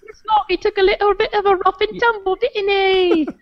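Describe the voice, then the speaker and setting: A man putting on a chatty, prim British woman in a high falsetto during casual chat. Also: flat delivery, normal speed, no echo, highs cut off. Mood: teasing. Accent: British, put on. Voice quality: falsetto, sing-song. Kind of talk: comic impression in casual chat.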